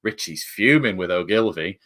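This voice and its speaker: Northern bloke commentating the match for fans, kinda low voice but bright and punchy, chatty, gets loud on attacks. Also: male voice, lively intonation, normal speed. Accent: northern English. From northern England. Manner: chatty, jokey, rises sharply with the play. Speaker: fan channel commentator. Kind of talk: live fan commentary on a match.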